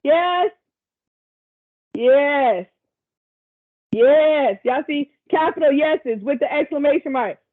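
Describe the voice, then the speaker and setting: A woman's voice: sits high, moderate pace, hardly any pauses. A woman presenter facilitating a virtual workshop over a video call, chatty and encouraging, with casual asides to the group. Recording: tinny video call audio.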